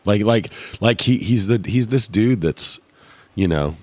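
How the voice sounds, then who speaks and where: A man's voice: fairly low pitch, measured pace, dry recording. A man appearing as a guest film expert on a podcast, stammering as he searches for words. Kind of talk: casual movie discussion.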